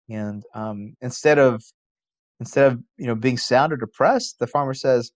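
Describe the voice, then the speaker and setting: A man lecturing as a college philosophy professor, conversational and posing rhetorical questions, animated when telling a story. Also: mid-range voice, brisk.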